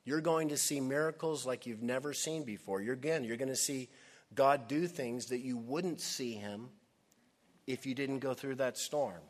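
A male pastor preaching a sermon, emphatic, with dramatic pauses, sometimes dropping to a hush. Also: mid-range voice.

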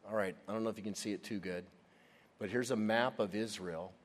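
A man's voice: lowish voice, steady tone, fairly quick, in a large hall. A man preaching a Bible study sermon, leaning hard on key words for emphasis. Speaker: pastor.

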